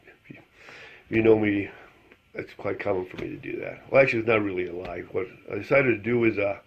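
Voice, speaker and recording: A man's voice: lowish voice, fast talker, vocal fry. A man telling a joke in a casual, rambling monologue, leaning on fillers and chuckling at his own story. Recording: dull lo-fi recording.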